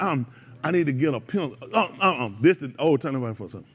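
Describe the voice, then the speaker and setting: A man's voice: fairly high pitch, brisk. A man, hosting a radio show and preaching casually to a group in an exhorting way. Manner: animated, exhorting, breaks into laughter and mimicry.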